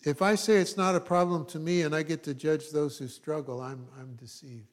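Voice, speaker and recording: A man's voice: on the high side, steady tone, normal speed. A middle-aged male pastor preaching a sermon in a conversational way, with asides and frequent check-ins with the congregation.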